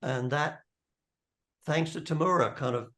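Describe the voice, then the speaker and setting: A man narrating as game master for a tabletop role-playing game, rambling and excitable. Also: fairly high pitch, a little slow.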